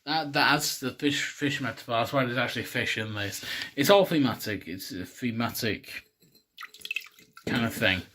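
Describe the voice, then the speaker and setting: A man's voice: mid-range voice, expressive, moderate pace, sharp tone, slight background noise. A man hosting a comic vlog, rambling and swearing as he retells a cartoon episode with laughs. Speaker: host.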